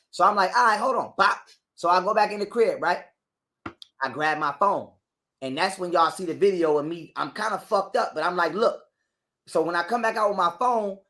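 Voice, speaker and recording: A man, an interview guest, telling a long story in a casual, profane way and acting out both sides of an argument. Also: high voice. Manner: animated, profane, acts out both sides of a quarrel.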